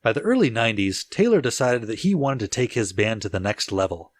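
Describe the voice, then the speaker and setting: A man co-hosting a casual music-history podcast, relaxed and chatty with easy laughter and plenty of fillers. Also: medium pitch, fairly quick, no room sound. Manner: relaxed storyteller, laughs easily, lots of filler "like". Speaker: podcast co-host.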